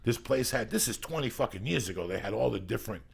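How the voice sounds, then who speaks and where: A man from New with a thick, gravelly voice full of fry, hosting a loose podcast chat. He rambles through profane stories. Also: mid-range voice, lively intonation, fast. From New Jersey. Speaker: podcast host.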